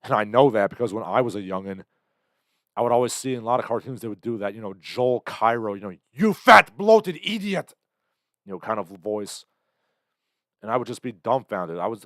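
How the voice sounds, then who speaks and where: A man's voice: lowish voice, no echo, clean studio sound. A young man hosting a casual livestream, rambling sardonically through chat comments. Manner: rambling, sardonic, bursts into loud impressions. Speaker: livestream host.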